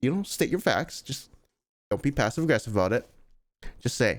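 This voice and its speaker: A man's voice: mid-range voice, sing-song, brisk. A man giving casual, blunt reaction commentary as a gaming YouTuber, with lots of "like" and exasperated asides.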